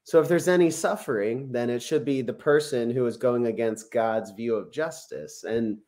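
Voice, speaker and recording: A man's voice: mid-range voice, normal speed, darkish tone. A man in casual conversation, walking through a Bible passage and acting out the quotes with an easy chuckle. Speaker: podcast co-host discussing scripture.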